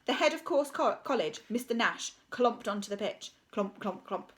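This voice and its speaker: A woman's voice: fairly high pitch, expressive, moderate pace. A woman reading a children's story aloud, playful, adding spoken sound effects and asides.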